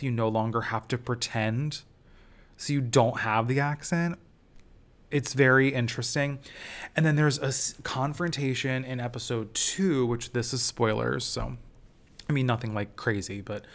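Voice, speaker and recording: A man hosting a casual solo review podcast, talking in an amused, enthusiastic way with lots of fillers and restarts. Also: mid-range voice. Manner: chatty, rambling with many fillers and restarts. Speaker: TV critic podcast host.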